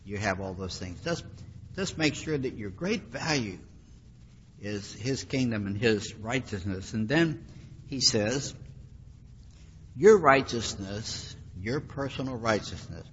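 A man's voice: lowish voice, expressive, measured pace, a bit bright, a little hiss or hum. A man preaching a sermon in a conversational, emphatic way, repeating phrases for weight, recorded with a dull, lo-fi sound in a reverberant hall.

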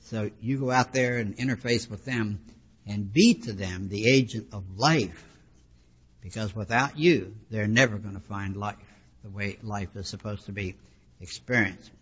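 Here a fairly low-pitched man with a husky yet fairly bright tone preaches at a measured pace. His sermon teaches scripture in a chatty way, peppered with asides. The sound is dull and lo-fi, washed in long hall reverb.

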